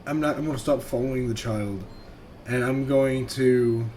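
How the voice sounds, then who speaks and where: A man's voice: medium pitch, moderate pace, a little mellow, a little hiss or hum. A man playing a tabletop game, talking casually and stammering a bit. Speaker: player.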